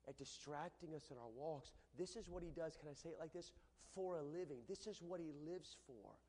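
Middle-aged pastor guy preaching, kinda high voice, gets loud then drops way down quiet. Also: expressive, fairly quick, few pauses. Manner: emphatic, swings from loud repeated yeses to hushed warnings. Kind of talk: sermon.

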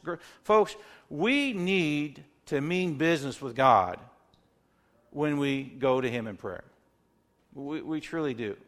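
Bright-voiced earnest male preacher. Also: a little high, expressive, unhurried. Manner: earnest, repeats words when emphatic, acts out prayers. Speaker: pastor. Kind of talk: sermon.

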